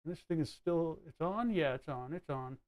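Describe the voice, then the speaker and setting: A man's voice: a little high, animated, normal speed, darkish tone, no echo. A man chatting casually on a live stream while he tinkers with electronics at his workbench, rambling and wry, with the odd swear. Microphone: desk microphone.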